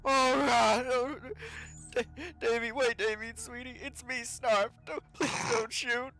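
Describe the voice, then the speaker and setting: A man voicing a gentle, wounded male figure who talks softly and pleads affectionately. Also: sits high, fast talker, soft background music, voice pushed up, natural voice. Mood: pleading.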